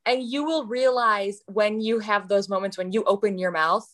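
A woman on a podcast, an elementary school teacher, chatting casually and telling lively stories. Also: medium pitch, moderate pace. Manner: animated storyteller, acting out voices.

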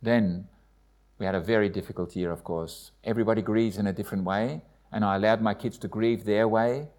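A man's voice: brisk, darkish tone. A middle-aged man, a missionary, telling a heartfelt personal testimony in church, with frequent hesitations and dialogue acted out in a rising voice. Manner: heartfelt storytelling, acts out dialogue with rising pitch.

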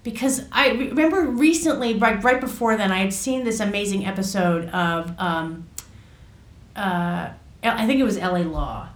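A woman telling a personal story in a halting way, full of fillers and restarts. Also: mid-range voice, distant mic. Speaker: guest recounting a personal experience. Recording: echoey room, voice off mic.

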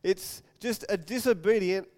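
Male preacher, high tenor, animated storyteller. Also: unhurried. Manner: animated, acts out scenes with quoted voices. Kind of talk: sermon with storytelling.

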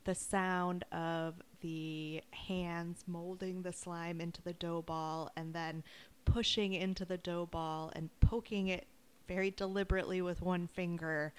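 A woman co-hosting a podcast in casual chat, describing things slowly and deliberately. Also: on the low side, smooth. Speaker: podcast co-host.

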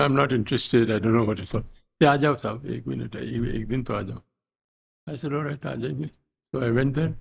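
An older man from India recounts his past in a relaxed, wry voice, his phrases often fading off softly at the ends. His voice is husky and sits somewhat low. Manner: anecdotal, wry, trailing off softly. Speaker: interview guest. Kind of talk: storytelling in conversation.

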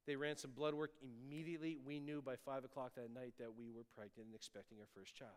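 A man, a pastor, preaching a sermon and sharing his own testimony, moving between loud appeals and hushed, tender lines. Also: mid-range voice, steady tone, quick pace, slight background noise. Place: church sanctuary. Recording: long church hall reverb.

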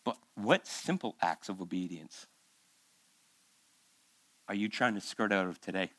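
A man's voice: sits low, unhurried, a bit bright, no echo. A male pastor preaching a conversational sermon, firing off rhetorical questions and acting out the voices he quotes, after months of illness. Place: church.

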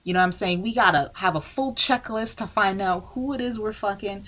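A woman's voice: mid-range voice, fairly quick, fairly bright tone, low-quality recording. A woman co-hosting a casual chat, earnest and argumentative. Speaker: podcast co-host.

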